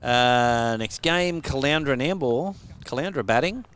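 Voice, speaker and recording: A man's voice: mid-range voice, expressive, unhurried, a bit bright, smooth. Joking Australian man calling cricket. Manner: joking, laughs often. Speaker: cricket commentator. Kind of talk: casual live commentary.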